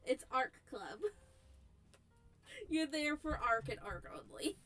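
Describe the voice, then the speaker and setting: A woman's voice: high-pitched, lively intonation, slow pace, bright, forceful tone, faint music behind. A woman VTuber streamer chatting casually with her viewers in a giggly, rambling way, often breaking off mid-sentence. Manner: giggly, rambling, self-interrupting. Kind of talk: casual live-stream chat.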